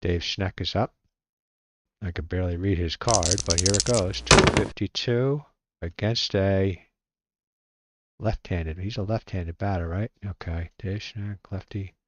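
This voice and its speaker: Rolling dice for a solo tabletop baseball game, a man with a low voice calls the plays casually and haltingly. He reads out each roll and mutters to himself while checking things.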